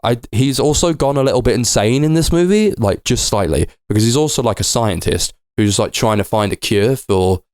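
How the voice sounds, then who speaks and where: A man's voice: medium pitch, expressive, fairly quick, hardly any pauses, darkish tone, no echo, studio quality. A young man co-hosting a podcast, chatting loosely about films, rambling and swearing, and sometimes slipping into silly voices to act out what the characters say. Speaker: podcast co-host. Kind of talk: casual film chat.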